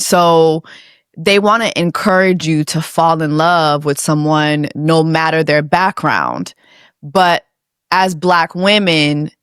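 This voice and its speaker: A woman hosting a podcast, asking her guests measured questions in a casual interview. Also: fairly low pitch, smooth, no echo, studio quality. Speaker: podcast host.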